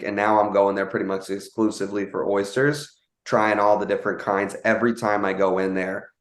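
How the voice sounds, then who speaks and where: A man's voice: on the low side, a little fast, hardly any pauses. Man telling a story in an echoey room. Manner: animated, acts out quoted voices, many fillers. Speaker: guest telling a sales story. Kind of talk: casual storytelling.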